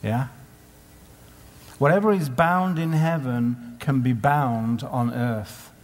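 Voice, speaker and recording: Preaching slowly in a medium-pitched voice, a man addresses a conference in a chatty manner, posing many rhetorical questions. The sermon is a live recording from a conference hall with a long reverb tail.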